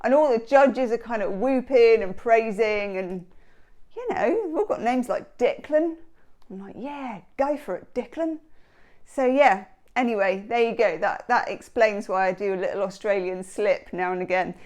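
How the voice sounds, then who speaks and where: A woman's voice: mid-range voice, moderate pace, darkish tone. A woman giving a tarot reading in a chatty, rambling, enthusiastic way. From England. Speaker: tarot reader. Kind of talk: casual tarot reading chat.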